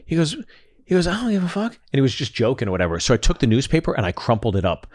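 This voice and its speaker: A man's voice: medium pitch, racing, no echo. A middle-aged man telling a comedic story as a guest, acting out the dialogue with energy. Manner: animated, acts out dialogue.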